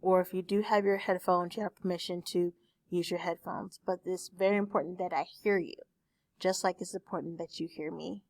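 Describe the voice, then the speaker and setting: A woman speech teacher recording a lecture for her class on a desktop microphone, explaining terms slowly with examples. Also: lowish voice, steady tone, darkish tone, no room sound. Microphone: desktop USB microphone.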